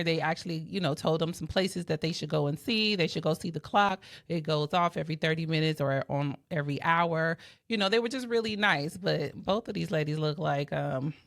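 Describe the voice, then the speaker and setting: A woman's voice: sits low, brisk. A woman hosting a reaction video, chatting conversationally and speaking straight to her viewers. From Washington DC area. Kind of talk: casual reaction commentary.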